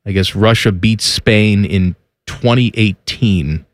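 A man co-hosting a podcast, chatting casually in a teasing, deadpan way. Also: lowish voice, slow, no echo. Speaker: podcast co-host. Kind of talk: casual chat.

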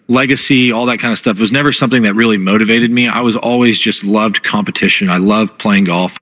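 A male athlete answering a reporter at a press conference, candid and hesitant with repeated false starts. His voice sits slightly low. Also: steady tone, fairly quick, fairly bright tone. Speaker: pro golfer at press conference.

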